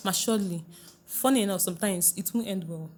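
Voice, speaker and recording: A middle-aged woman with a Nigerian accent speaks as a relationship coach in a podcast interview. Her voice sits in a middle register. She talks in a lively, chatty way, laughs easily, and keeps checking that her listener understands. Soft music plays faintly behind her. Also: medium pitch, brisk.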